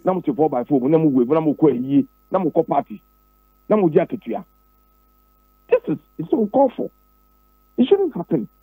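A Ghanaian man with a husky voice talks politics with a preacher's insistence. He repeats himself and his voice jumps sharply higher on key points. The sound is dry and narrow, like a phone line. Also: sing-song, brisk, long pauses, dry recording. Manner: emphatic and preachy, with sudden high pitch leaps and repeated words. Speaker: interview guest, pastor and former presidential candidate. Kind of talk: political interview, Twi mixed with English.

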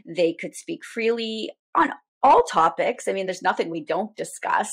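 Gravelly-voiced woman telling her story. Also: on the low side, normal speed, hardly any pauses. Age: middle-aged. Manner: heartfelt, animated storytelling. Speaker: guest, radio show host. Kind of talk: conversational interview.

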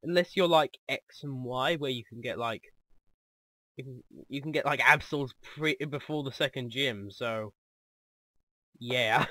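A man hosting a let's play, commenting excitedly on the game, joking and laughing easily. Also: mid-range voice, a little slow, long pauses, no room sound.

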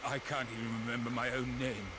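An actor voicing a grumpy male talking dog in a video game, gruff and snappy. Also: medium pitch, little pitch movement, brisk, heavy background noise, natural voice. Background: game music.

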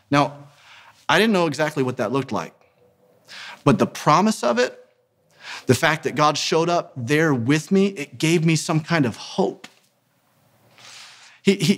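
A man in his thirties giving an earnest, emphatic sermon-style talk as a ministry founder, slowing down to stress key words. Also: fairly high pitch, a bit bright.

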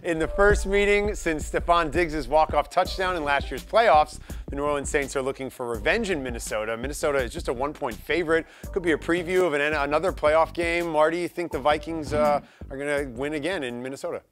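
A man's voice: a little high, a little fast, fairly bright tone, soft background music. A man hosting a casual football betting show, teasing his co-hosts as he moves through the games. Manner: joking, teasing. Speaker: host. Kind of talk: casual sports betting chat.

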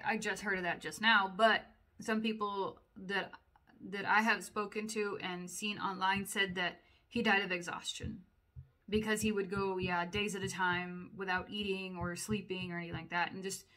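Bright-voiced woman chatting about a book. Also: medium pitch. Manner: chatty, uses many "like" fillers. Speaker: book reviewer. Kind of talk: casual book commentary, reading captions aloud.

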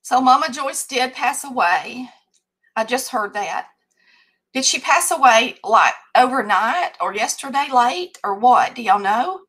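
A woman's voice: a little high, lively intonation, measured pace, pushed and bright, breathy edge. A middle-aged woman with a Southern accent, chatting casually and rambling to her viewers as host. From Southern United States. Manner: chatty, rambling, folksy with frequent fillers. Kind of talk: casual live chat to viewers.

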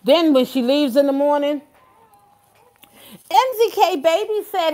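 A woman's voice: sits high, expressive, a little slow, long pauses, a little mellow. A young woman and mother chatting casually to her viewers at home, often calling them "y'all". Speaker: vlogger and mother. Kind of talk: casual chat to camera. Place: home kitchen.

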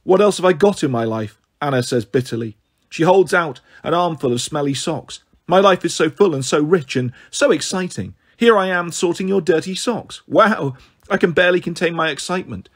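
A man's voice: fairly high pitch, lively intonation, moderate pace, breathy edge. A man reading the part of a weary, resentful stepmother in a storybook. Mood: bitter. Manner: tired and resentful. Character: weary, bitter adult woman, a stepmother.

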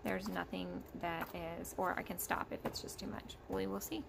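A woman's voice: lowish voice, flat delivery, moderate pace, creaky. A young woman and homeschooling mom casually talking through books in a vlog, thinking aloud with fillers. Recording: loud background noise.

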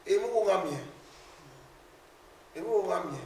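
A man's voice: high voice, normal speed, darkish tone, a little hiss or hum. A man with a Nigerian accent in a casual conversation, talking unhurriedly. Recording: echoey room, a bit far from the mic.

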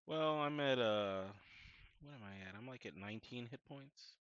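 A man playing a tabletop game, working out his turn aloud with pauses and fillers. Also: medium pitch, a bit bright, clear, resonant tone. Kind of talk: casual game chat. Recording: dull lo-fi mic.

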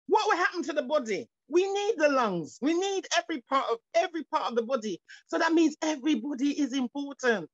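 A high-pitched woman preaching with fervour, her words tumbling out in restarts and repetitions before rising into cries of praise. She comes through a dull, lo-fi video call line. The sound is dry and close, with no room around it. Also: lively intonation, fairly quick, hardly any pauses, dry recording. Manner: fervent, repetitive, stumbling restarts, rising into exclamations. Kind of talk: sermon.

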